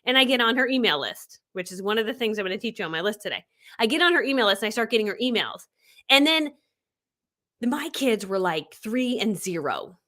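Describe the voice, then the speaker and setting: A woman online business coach giving a motivational talk, telling animated stories and acting out what people said. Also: fairly high pitch, brisk. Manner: animated storytelling, acting out quotes.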